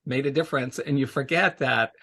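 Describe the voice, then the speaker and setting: A man's voice: mid-range voice, brisk, vocal fry, bright, forceful tone, breathy edge. A man telling stories from his work in a casual interview, chatty and laughing often. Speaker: special education technology guest.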